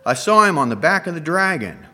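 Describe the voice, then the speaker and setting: Guy doing a scared village woman, shrill and accusing. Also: very animated, brisk, bright, forceful tone.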